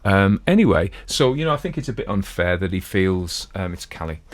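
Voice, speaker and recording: Deep-voiced rambling middle-aged man. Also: very animated, a little fast, dry recording. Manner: rambling, digressive, chatty. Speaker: podcast host. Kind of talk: casual talk on classic literature. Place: at home.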